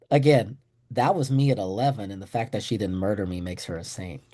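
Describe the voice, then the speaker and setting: A man's voice: lowish voice, normal speed, warm tone. A middle-aged man from Texas giving a casual, joking webinar training on a video call, with self-deprecating humor. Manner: joking, self-deprecating, acts out quoted voices. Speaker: trainer presenting to clinicians.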